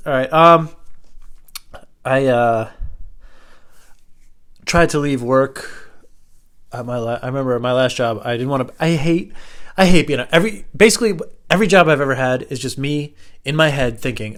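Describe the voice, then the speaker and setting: A man's voice: fairly high pitch, measured pace, clean tone. A young man hosts his own podcast solo, drifting from one work story to the next. He talks in a loose, unpolished way, full of fillers and casual swearing, and pokes fun at himself as he goes. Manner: casual, swearing, self-deprecating anecdotes with lots of fillers. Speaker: podcast host.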